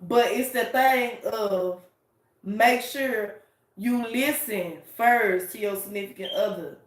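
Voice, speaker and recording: A woman's voice: mid-range voice, slow pace. A woman co-hosting a casual talk show with her husband, speaking emphatically and teasing him. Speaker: podcast co-host, wife. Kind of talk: casual chat. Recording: echoey room, distant mic.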